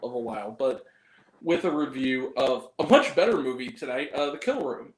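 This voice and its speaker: A man's voice: mid-range voice, expressive, normal speed, echoey room, low-quality recording. A young man hosting a casual movie review chat, rambling, laughing often and cracking crude jokes.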